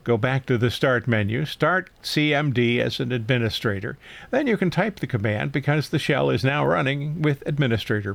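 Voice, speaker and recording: A man's voice: on the high side, creaky, a bit bright, no echo. An older man hosting a tech news segment, reading a scripted explainer in a dry, matter-of-fact way.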